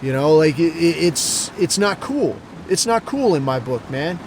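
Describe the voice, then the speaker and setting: Brief: profane male podcast host, rambling storyteller, slightly high voice, faint traffic outside. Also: a little slow. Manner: crude, rambling, heavy swearing, deadpan asides. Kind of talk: profane casual storytelling monologue.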